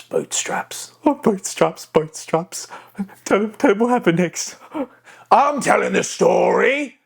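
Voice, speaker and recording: A man giving a casual voice-acting tutorial into a close mic, explaining technique with loose, demonstrative talk and many fillers. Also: medium pitch. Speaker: voice-acting coach. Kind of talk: tutorial vlog. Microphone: close mic he sometimes touches.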